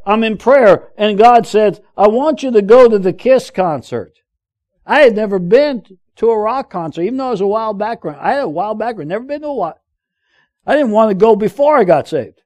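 Male preacher, humorous sermon storytelling, high pitch, animated. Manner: lively, joking, calls out to the audience.

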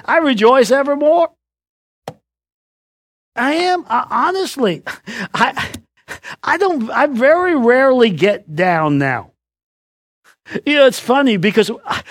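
Middle-aged guy preaching, jokey and animated, voice jumps all over, dry close sound. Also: very high-pitched, no echo. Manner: animated, joking storyteller with loud outbursts. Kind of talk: sermon.

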